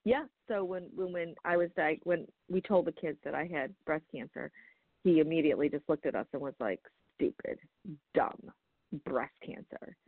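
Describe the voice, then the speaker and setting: A woman's voice: deep voice, fairly quick, no echo. Frank woman guest telling her story, lots of energy, tinny phone-line sound. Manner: frank, animated storytelling with laughs. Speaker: guest advocate. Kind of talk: candid podcast interview.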